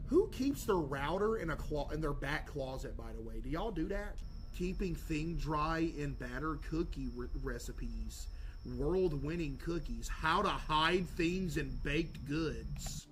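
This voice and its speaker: A man streaming a game, talking in loud, excitable, jokey bursts and suddenly yelling. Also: a little high, a little slow. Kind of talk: live gameplay commentary. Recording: game music playing behind.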